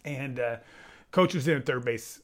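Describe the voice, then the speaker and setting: A man telling a story as a baseball umpire in casual talk, loud and laughing at the punchlines. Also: mid-range voice, unhurried.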